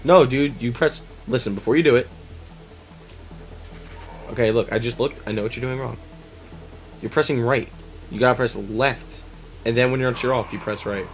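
A man's voice: medium pitch, normal speed, pauses often, faint music behind. A man co-hosting a video game playthrough, laid-back and casual, talking his partner through the game. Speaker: let's play co-host. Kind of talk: casual gameplay banter.

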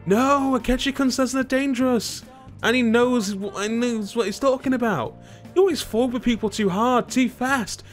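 A man voicing a gossipy young woman in a high falsetto, reading game dialogue. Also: normal speed, soft background music. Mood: scolding.

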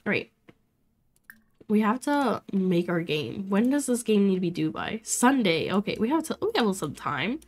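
A young woman streaming a life-sim game, chatting to her viewers in an excitable way with frequent exclamations and laughs. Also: medium pitch, normal speed. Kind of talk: casual let's play commentary.

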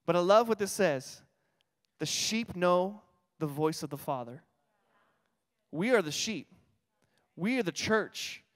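A New Mexican man in his thirties preaches a chatty, self-deprecating sermon in a high voice. His words ring out with a long reverb in a church auditorium. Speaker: pastor. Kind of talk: conversational sermon.

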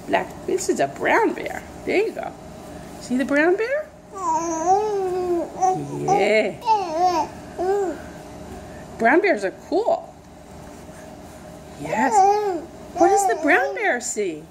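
A woman's voice: sits high, wildly swooping pitch, drawn-out words, creaky, long pauses, noisy background. A young woman reading a picture book aloud to a baby in gushing, sing-song baby talk, full of exaggerated wonder.

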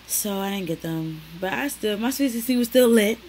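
A young woman, chatting to camera in her small bedroom, slangy and animated as she tells stories. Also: medium pitch, normal speed, hardly any pauses, background noise. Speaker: vlogger. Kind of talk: casual chat to camera.

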